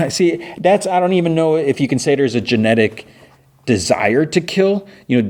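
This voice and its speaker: A man's voice: on the low side, a little mellow. A man hosting a podcast, casually recapping a TV episode in a rambling way, full of restarts and "he's like". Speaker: podcast host.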